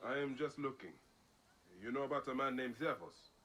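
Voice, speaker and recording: An actor playing a stern male warrior in a video game who questions townsfolk with calm, probing questions. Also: medium pitch, normal speed, a little hiss or hum, lightly acted.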